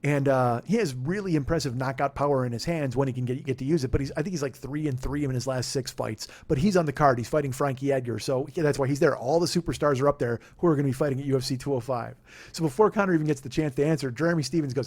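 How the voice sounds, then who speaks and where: A man in his forties hosting a podcast, telling a story in a casual, profane, animated way and laughing at his own retellings. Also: on the high side, fast. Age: 40s. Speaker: podcast host.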